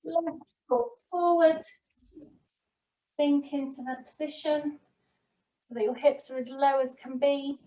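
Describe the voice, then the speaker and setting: A woman leads a children's yoga class, giving gentle, encouraging instructions. She speaks slowly in a slightly high voice. The sound is distant and dull, as if picked up from across a room. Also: steady tone. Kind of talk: guiding a kids' yoga class.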